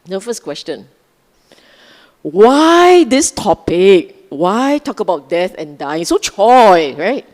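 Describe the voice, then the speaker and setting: Slow, lively Singaporean woman preaching. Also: medium pitch, big-room sound. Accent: Singaporean English. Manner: conversational, teasing, asks the audience questions. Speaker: Buddhist dharma speaker. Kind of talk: Sunday dharma talk to a live audience. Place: large hall with a live audience.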